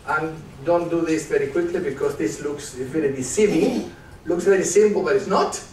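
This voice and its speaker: Male conference presenter, fairly high voice, engaging the room with questions, echoey hall picked up from a distance. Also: a little mellow. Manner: engaged, quizzes the audience with questions. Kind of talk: live stage talk with demonstration. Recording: echoey room, distant mic, faint noise.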